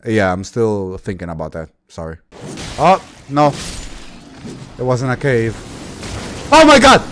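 Animated young man ranting over gameplay. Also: on the low side, measured pace, a little hiss or hum. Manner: exasperated, yelling at the game, mild cursing. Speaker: gaming YouTuber. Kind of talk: live gameplay commentary.

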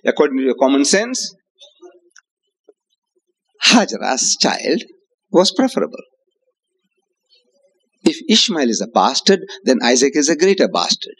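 Older South African man, public lecturer, animated delivery that swings into high acted quotes. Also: a little slow, long pauses, breathy edge. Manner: animated, acts out quoted voices with rising pitch. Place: hotel lecture hall with audience.

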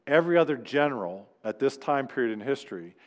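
A man's voice: medium pitch, animated, fast talker, in a large hall. A man preaching a sermon as pastor in a church, speaking conversationally and acting out quoted lines. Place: church sanctuary.

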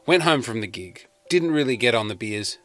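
A man's voice: mid-range voice, lively intonation, moderate pace, fairly bright tone, faint music behind. An Australian man telling a rambling comic story in a self-mocking, chatty way, recorded in his car. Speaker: comedian and podcast host. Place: parked car.

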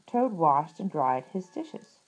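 A woman reading a children's picture book aloud in a slow, expressive storytelling manner. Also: deep voice, husky, dull audio. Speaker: storybook reader.

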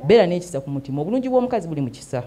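Emphatic Ugandan woman, quick and lively. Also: on the low side. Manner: emphatic, mixes English and Luganda, asks "eh?" often. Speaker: host and mentor. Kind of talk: animated talk show monologue.

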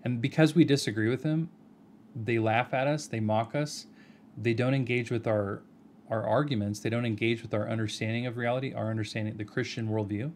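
A man giving an earnest, measured video response, addressing someone directly by name and pressing his points with rhetorical questions. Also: mid-range voice, steady tone, a little mellow, slight background noise. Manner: earnest, argumentative, addresses the other person by name. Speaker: video commentator.

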